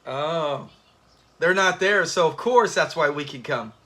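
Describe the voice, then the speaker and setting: A high-pitched man hosts a relaxed livestream watch party. He talks loosely with his viewers and laughs often. His voice is bright and forward. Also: measured pace. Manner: chatty, laughs often, talks to the live chat. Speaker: channel host.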